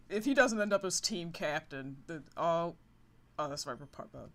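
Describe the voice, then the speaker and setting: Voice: medium pitch, brisk, bright, forceful tone. A gamer giving casual, rambling commentary over a monster-catching game, often laughing and apologizing for going off track. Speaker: let's-play gamer.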